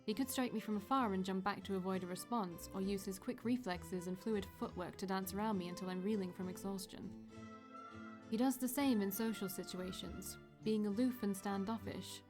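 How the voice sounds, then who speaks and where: A woman streamer reading a visual novel aloud in steady first-person narration, with brief off-script asides. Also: mid-range voice. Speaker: let's play streamer.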